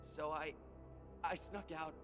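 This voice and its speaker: A man's voice: on the high side, fairly even intonation, takes it slowly, a bit bright. Karja, a desperate young man pleading. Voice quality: urgent, pleading. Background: game music.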